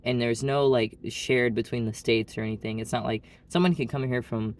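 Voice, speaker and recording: A man's voice: medium pitch, normal speed, slight background noise. A man from Arkansas with an Arkansas accent, telling a story in a blunt, rambling casual monologue full of "like". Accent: Southern US, Arkansas. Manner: blunt, rambling, heavy use of "like". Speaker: vlogger.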